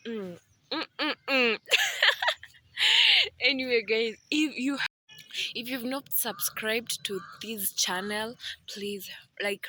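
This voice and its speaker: A chatty woman vlogger speaks casually and animatedly straight to her viewers, slipping playful asides into what she says. Her voice is bright, forward, and a little high, and she takes her time.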